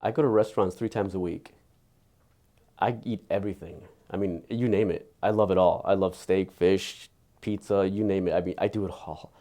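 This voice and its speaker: A man giving an earnest, candid patient testimonial, halting and often repeating his words. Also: sits low, fairly even intonation, dark tone.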